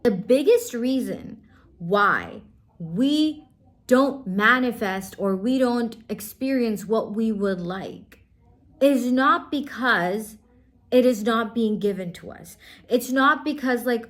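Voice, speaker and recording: A woman's voice: on the high side, slow. A young woman giving a casual motivational talk as a spiritual coach, chatty, full of "like" and "right?" and acted-out quotes.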